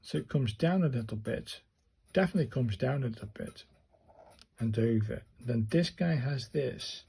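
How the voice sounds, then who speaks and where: A man practicing calligraphy for his channel mutters casually through his strokes one step at a time. His medium-pitched voice is expressive, creaky, and mellow with a breathy edge, moving at a moderate pace on a rough recording.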